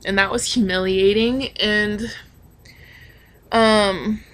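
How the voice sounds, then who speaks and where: A woman's voice: medium pitch, fairly even intonation, takes it slowly. A young woman telling a personal story in a candid vlog, frank and confessional, with lots of swearing and filler words. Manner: frank and confessional, swears freely, many ums and likes. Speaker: vlogger.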